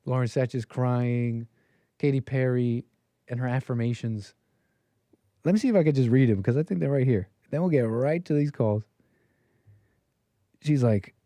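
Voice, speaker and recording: A man's voice: mid-range voice, dark tone, no room sound. A man hosting a call-in show, riffing in a mocking, rambling way and putting on silly voices to quote people. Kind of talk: casual on-air commentary.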